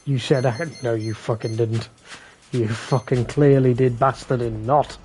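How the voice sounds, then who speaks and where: A man's voice: medium pitch, steady tone, measured pace, a little mellow. A man doing casual live commentary over a game, bickering and swearing with his chat. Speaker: game streamer. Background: game music.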